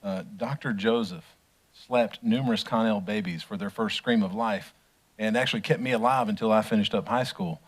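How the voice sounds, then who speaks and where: Council member, male, low husky voice, brief grateful remarks. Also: moderate pace.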